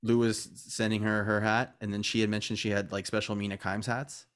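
A man's voice: lowish voice, flat delivery, fairly quick, a bit bright. Rambling enthusiastic man podcast host. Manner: rambling, filler-heavy, enthusiastic. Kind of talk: casual chat.

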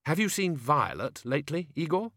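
A man voicing a brisk young woman in a hurry who presses her questions. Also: fairly high pitch, very animated, sharp tone, dry recording, clean studio sound, voice pushed up, exaggerated voice. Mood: insistent. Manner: brisk, insistent.

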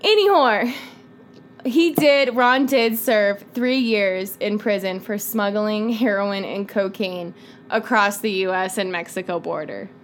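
A woman's voice: mid-range voice, takes it slowly, slight background noise. A young woman hosting a casual true-crime podcast, joking, swearing and laughing between facts. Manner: laughing, swearing, jokey asides. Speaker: podcast host.

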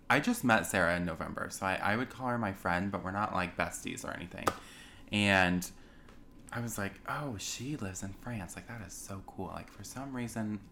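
A young American man tells a rambling, self-deprecating story in a casual chat. His voice sits very low but has a bright, forceful edge. A faint noise runs behind him. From United States. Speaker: podcast guest.

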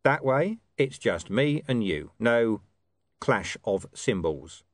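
A gruff watch commander with a dry, quietly menacing manner, as a male narrator voices him. His delivery is lively and shifts a lot in pitch. The sound is dry and close, with no room around it. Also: slow, no echo. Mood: quietly firm.

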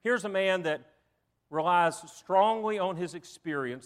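A man preaches a sermon, his voice sitting noticeably high. He mixes folksy humor into dramatic storytelling, in the manner of a pastor addressing his congregation. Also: unhurried, smooth. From Southern United States.

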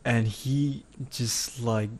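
A young man in casual conversation, recounting a childhood mishap with plenty of energy. His pitch sits in an ordinary middle range, and he slips into little voices when he quotes people. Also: very slow. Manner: animated storyteller, acts out voices. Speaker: podcast guest. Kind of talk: casual chat, storytelling.

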